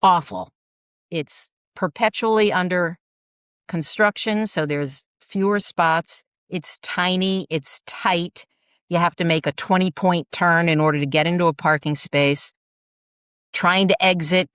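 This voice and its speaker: A woman co-hosting a podcast, retelling an everyday story in a lively, animated way. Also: on the low side, a little slow, smooth, no room sound, studio quality. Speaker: podcast co-host. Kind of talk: casual chat.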